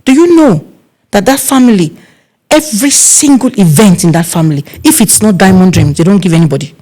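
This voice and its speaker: A middle-aged woman with a Nigerian accent recounts stories from her work in an easygoing interview. She is animated, and her voice jumps up sharply whenever she acts out what other people said. She speaks at a medium pitch. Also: brisk. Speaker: guest, event planner. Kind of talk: casual interview storytelling.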